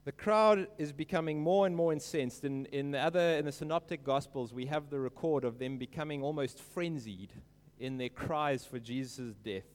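A man preaching an earnest sermon, stressing quoted lines slowly and emphatically. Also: fairly high pitch, long reverb tail.

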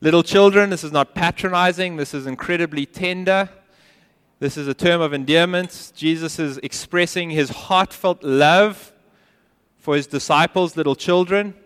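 Guy preaching a sermon, earnest, leans hard on his points, slightly high voice, echo rolling round a big hall. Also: normal speed, clear, resonant tone. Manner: earnest and emphatic, dropping to quiet intensity. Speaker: pastor. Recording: long hall reverb.

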